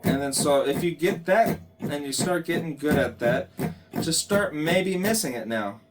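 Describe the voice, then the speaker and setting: Relaxed man teaching guitar over strumming. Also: fairly high pitch, a little slow. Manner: relaxed, talks while counting beats aloud. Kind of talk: casual guitar lesson. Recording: guitar playing behind the voice.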